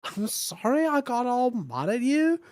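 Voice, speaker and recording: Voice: medium pitch, big pitch swings, unhurried, a little mellow, voice pushed up. A streamer voicing a melodramatic goth teenage girl narrating her own story in an overwrought, breathless storybook reading.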